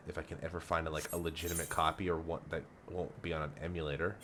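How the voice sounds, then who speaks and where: A man's voice: extremely low pitch, level tone, fast talker, few pauses, a bit bright, slight background noise. A man streaming a video game live and chatting casually, rambling as he reads game lines aloud. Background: game music.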